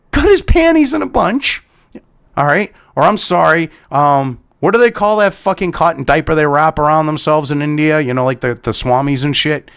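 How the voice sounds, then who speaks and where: Man, angry commentary rant, heavy swearing, lively up-and-down pitch, fairly high voice. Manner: swearing heavily, exasperated, sighing. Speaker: commentary host.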